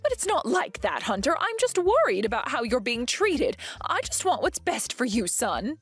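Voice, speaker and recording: A woman's voice: on the high side, very animated, moderate pace, slightly rough, soft background music. Woman playing a possessive, self-righteous mother-in-law. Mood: defensive. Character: domineering, possessive middle-aged mother-in-law. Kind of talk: dramatized text-message story.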